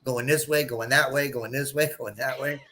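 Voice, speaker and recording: Man guest, rambling storyteller, casual chat, mid-pitched voice. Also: steady tone, normal speed, pushed and bright. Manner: rambling storyteller, repeats phrases.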